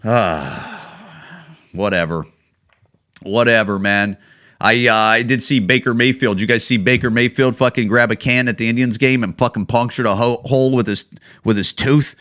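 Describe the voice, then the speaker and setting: A man's voice: mid-range voice, normal speed. A man hosting a podcast, ranting casually and swearing a lot. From Chicago. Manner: profane, animated ranting. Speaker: podcast host. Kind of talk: casual rant.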